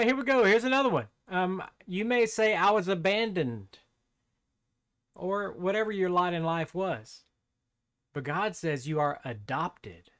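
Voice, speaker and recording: An older man giving a casual devotional talk, relaxed and conversational, often restarting his sentences. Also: high-pitched. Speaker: Christian devotional speaker.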